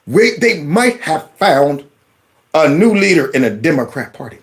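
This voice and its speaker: A man hosting his own channel, reacting to news clips with animated, mocking commentary and talking back to the speakers. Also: on the high side, a little slow.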